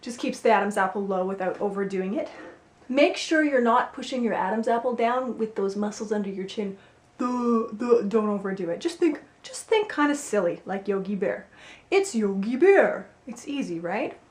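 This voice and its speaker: A woman vocal coach giving a singing lesson, explaining clearly and with a playful, upbeat manner. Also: medium pitch, lively intonation, moderate pace. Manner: clear, upbeat instructive delivery with playful demonstrations. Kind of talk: singing lesson with spoken instruction. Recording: roomy echo with faint music.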